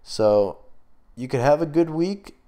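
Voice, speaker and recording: A man's voice: on the high side, expressive, takes it slowly, mellow. A man hosting a solo sports betting podcast, talking casually with lots of fillers, out of breath and losing his voice. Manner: casual, filler-heavy picks talk. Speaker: podcast host.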